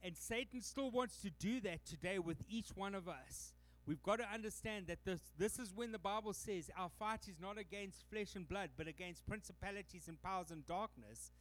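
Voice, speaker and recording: A man's voice: high-pitched, normal speed, few pauses, fairly bright tone. A man with a Canadian accent, preaching a sermon to his church and acting out quoted voices. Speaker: pastor.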